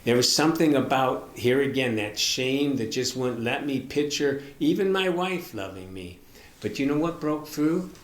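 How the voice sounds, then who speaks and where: A man's voice: medium pitch, animated, moderate pace. A middle-aged man, a minister, giving an earnest, confessional teaching talk and speaking straight to the listener. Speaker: minister and author. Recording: roomy echo.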